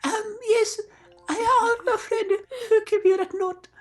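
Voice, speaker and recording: A man voicing a shy teenage schoolgirl in a breathy falsetto squeak. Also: steady tone, measured pace, faint music behind. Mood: bashful. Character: shy teenage schoolgirl confessing her love.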